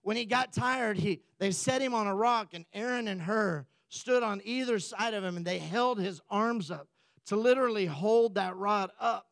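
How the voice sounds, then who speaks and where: A man's voice: high-pitched, moderate pace, creaky, a bit bright, dry recording. A man preaching a sermon as the pastor, telling the story in a joking, conversational way.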